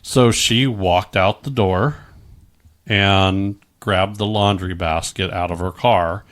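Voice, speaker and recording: A man's voice: low voice, steady tone, slow. A man recounting a personal story as a podcast guest in a casual way, often restarting his sentences. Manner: recounts events with frequent restarts and quoted exchanges.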